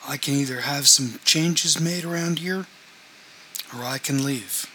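A man's voice: on the high side, a little slow, pushed and bright, a little hiss or hum, poor audio. A man voicing a firm, demanding housemate. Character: man laying down house rules, firm, confrontational.

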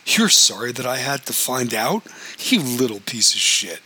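A man's voice: mid-range voice, sing-song, moderate pace, bright, forceful tone, slightly rough, exaggerated voice, low-quality recording. A man voicing a betrayed wife who confronts her cousin with bitter, accusing questions that keep getting sharper. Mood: furious.

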